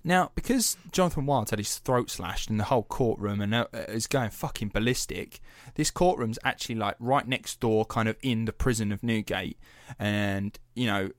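A man's voice: lowish voice, normal speed, hardly any pauses, no echo, clean studio sound. A young man hosting a podcast, telling a story in a loose, chatty way, swearing freely and padding with fillers. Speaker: podcast host. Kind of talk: casual storytelling chat.

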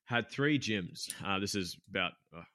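A young man tells a story as a podcast guest, in a bright, forceful voice sitting fairly low. He is frank and rambling, swears freely and leans on fillers. The sound is dry and close, with no room. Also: expressive, moderate pace, dry recording. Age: 20s. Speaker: podcast guest, gym business owner.

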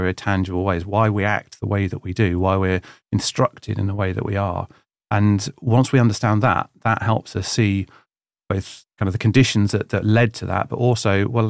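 A man's voice: fairly low pitch, gravelly, no echo, studio quality. A man who lectures in history, answering interview questions in a thoughtful, explanatory way.

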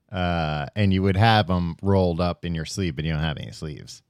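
A man from Long Island bantering on a comedy podcast, teasing and quick to laugh. His voice is fairly low, and the recording is close and dry. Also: clean tone, no room sound. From Long Island, New York. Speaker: podcast co-host.

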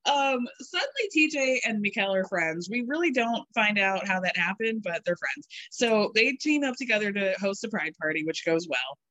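Giggly, animated woman podcaster. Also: medium pitch, moderate pace, hardly any pauses, dry recording. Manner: giggly, animated storytelling with quoted voices. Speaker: podcast co-host. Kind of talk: casual recap chat.

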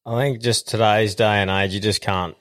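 A man's voice: fairly low pitch, fairly even intonation, moderate pace, a bit bright. An Australian man hosting a podcast, talking bluntly and swearing in casual banter. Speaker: podcast host.

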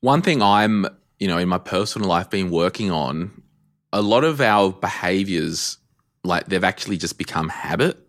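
Deep-voiced guy hosting a podcast, dry close sound, laid back and jokey. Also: moderate pace, no room sound. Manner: relaxed, reflective, jokey. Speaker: podcast host. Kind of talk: casual podcast conversation.

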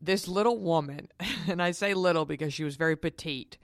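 A woman's voice: low voice, fairly quick, no room sound, clean studio sound. A woman hosting a podcast, telling a personal story in a frank, emphatic and confiding way and calling her listeners honeys. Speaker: podcast host.

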